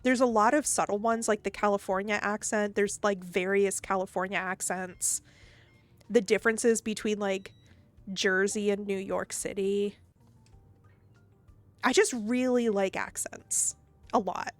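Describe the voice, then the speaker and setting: A woman's voice: mid-range voice, fairly even intonation, unhurried, dry recording, soft background music. A woman streaming a game and chatting casually, rambling and laughing easily. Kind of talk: casual gaming stream chat.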